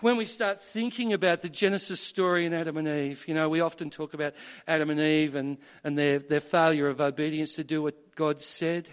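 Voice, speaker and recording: A man preaching a sermon, measured at first and building to emphatic peaks. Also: a little high, fairly even intonation, clean tone. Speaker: pastor.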